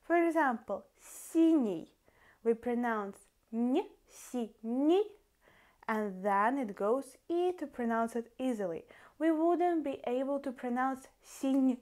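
Slow, high-voiced Russian-accented woman teaching. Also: expressive, darkish tone. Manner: addresses viewers as dear friends, slow careful demonstration of word endings. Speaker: language teacher. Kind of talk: language lesson.

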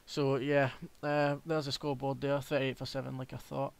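A man's voice: medium pitch, monotone, normal speed, gravelly, clear, resonant tone. A young man with a Scottish accent giving casual, rambling gameplay commentary, full of ums and hesitations. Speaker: gaming commentator.

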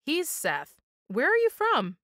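A woman's voice: fairly high pitch, moderate pace, no room sound, studio quality. A woman voicing a bold, curious young girl who chatters eagerly in a storybook reading. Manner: eager, excitable.

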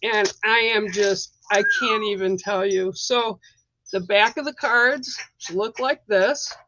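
A woman artist unboxing her new card deck in a vlog, gushing with excitement, repeating herself and letting out squeals and whoops. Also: medium pitch, slow pace, highs cut off.

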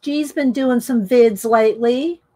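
Slow-talking high-voiced woman streamer. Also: mellow. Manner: chatty, greets viewers by name. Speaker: live-stream art host. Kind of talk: casual live-stream chat while coloring.

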